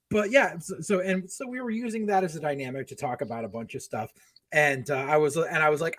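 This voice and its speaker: In a dry recording, a middle-aged man co-hosting a podcast spins lengthy, meandering tales full of profanity, imitating the people he quotes. He speaks briskly, his voice on the high side and a bit bright, with lively intonation.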